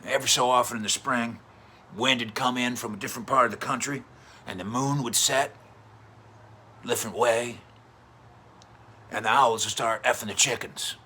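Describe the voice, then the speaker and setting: Folksy older owner telling a down-home yarn, drawn-out delivery, bright edge, as a sports writer puts him on. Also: male voice, medium pitch, steady tone, breathy edge. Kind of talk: comic impression.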